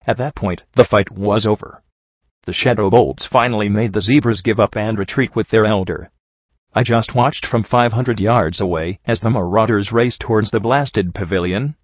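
A man's voice: fairly low pitch, dry recording, lo-fi sound. A man narrating a dramatic first-person story in an earnest, emotional reading.

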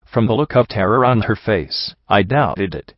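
A man with a lowish voice narrates a story in the first person, steady and measured. The recording is dry and a little dull, with no room sound. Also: no echo. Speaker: audiobook narrator.

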